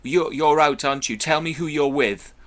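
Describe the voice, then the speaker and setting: A man mimicking an obsessive young female stalker who rants and accuses in a shrill voice. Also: normal speed, a bit bright, close to an everyday voice. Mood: shrill ranting.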